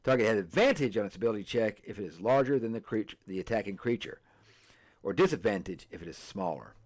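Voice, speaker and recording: A man hosting a tabletop game podcast, chatting casually and reading game rules aloud, halting often, restarting phrases and filling pauses. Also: on the low side, animated, darkish tone. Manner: halting, many fillers and restarts, stumbles over words. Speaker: podcast host. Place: streamed podcast setup.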